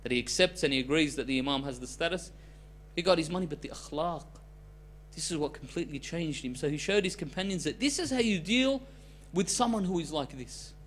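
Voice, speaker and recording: A man preaching a sermon as a story, with loudness that swings between emphatic lines and soft, hushed ones. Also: on the high side, expressive, a little fast, slight background noise.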